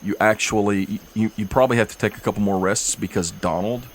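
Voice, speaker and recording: Low-voiced man narrating a tabletop game. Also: a little fast, a little hiss or hum. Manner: relaxed, easygoing narration with fillers. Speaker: game master.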